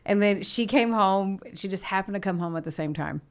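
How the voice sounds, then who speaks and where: A woman's voice: medium pitch, brisk, smooth. A young adult woman co-hosting a podcast, telling a true-crime story in a chatty, giggly way, using "like" often and acting out the quotes. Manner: giggly, chatty, uses "like" a lot, acts out quotes.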